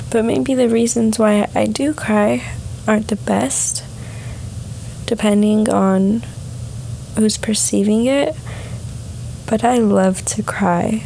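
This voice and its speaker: A young woman vlogging a soft, heartfelt personal reflection on emotions. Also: mid-range voice, vocal fry, a little hiss or hum, rough recording.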